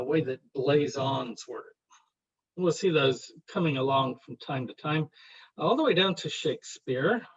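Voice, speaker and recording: Guy teaching a lit class, slow and kinda husky, dull lo-fi recording. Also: fairly high pitch, a bit bright. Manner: rambling and wry, reads verse aloud slowly. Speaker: university literature lecturer. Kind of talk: classroom lecture.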